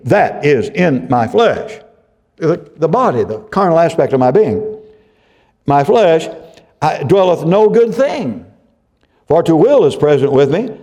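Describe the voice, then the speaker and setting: A man with a fairly high-pitched voice preaching a sermon. He reads scripture passages with emphasis and breaks them down verse by verse. Along the way he keeps checking with "you see?" and corrects himself mid-sentence. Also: darkish tone. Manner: frequent tag questions and self-corrections. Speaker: pastor.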